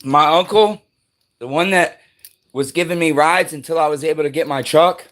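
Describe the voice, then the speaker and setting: Agitated, profane man ranting on a livestream. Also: moderate pace. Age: adult parent. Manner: profane, heated and complaining; rising to loud agitation, then muttering lower while walking around. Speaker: livestream host. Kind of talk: angry livestream rant. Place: at home, moving between rooms.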